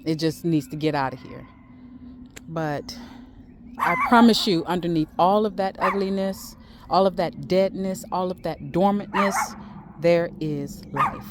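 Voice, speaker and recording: A woman's voice: deep voice, background noise. A woman chatting casually while she walks through her backyard garden, speaking in a faith-filled, repetitive way. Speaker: gardening vlogger.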